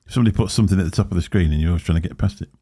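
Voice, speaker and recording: Racing along in a low, warm voice, a middle-aged man co-hosts a casual vaping livestream, rambling, correcting himself and chuckling. The sound is clean and studio-made, with no room noise.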